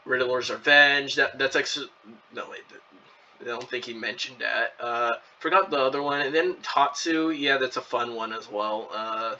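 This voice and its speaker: A man's voice: medium pitch, moderate pace, pushed and bright, slight background noise. A young man giving casual reaction commentary on a video, hesitant and full of fillers and restarts. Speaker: channel host commenting on a video. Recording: lo-fi, distant from the mic.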